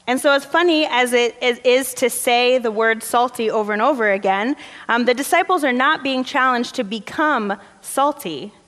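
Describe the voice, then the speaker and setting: A woman's voice: on the high side, normal speed. A woman pastor preaching a sermon, telling stories in a conversational way with casual fillers. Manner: conversational storytelling, relaxed fillers. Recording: long hall reverb.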